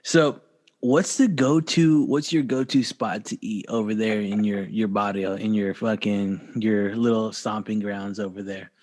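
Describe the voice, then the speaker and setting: A man's voice: lowish voice, fairly even intonation, a little slow, a little mellow. A man hosting a podcast, chatting casually and joking with loose, profane banter. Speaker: podcast host. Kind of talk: casual chat.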